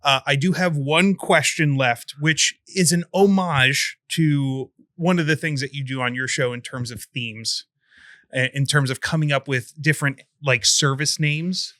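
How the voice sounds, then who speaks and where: A man's voice: on the high side, unhurried, pushed and bright, no echo, studio quality. A man hosting a podcast interview, chatting casually with a self-deprecating, jokey manner. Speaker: podcast host.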